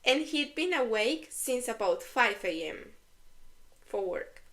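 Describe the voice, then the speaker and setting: Woman podcast host, fairly high voice, reads story posts aloud and pauses to explain terms. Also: lively intonation, a bit bright. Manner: reads aloud, breaks off to laugh and explain words. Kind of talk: reading and discussing online stories.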